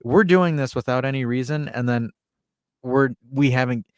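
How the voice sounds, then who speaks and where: A man's voice: mid-range voice, moderate pace, a little mellow, clear, resonant tone, dry recording, studio quality. A man co-hosting a casual livestream, chatting, joking and reading viewer comments aloud. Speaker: co-host of a fan livestream.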